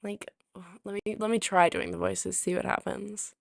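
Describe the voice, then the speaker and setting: A woman's voice: medium pitch, steady tone, moderate pace, creaky, no room sound, clean studio sound. A woman streamer chatting casually on a live stream, rambling with lots of ums, her throat sore and a little rusty. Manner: rambling, full of ums and restarts. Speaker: live streamer reading chat.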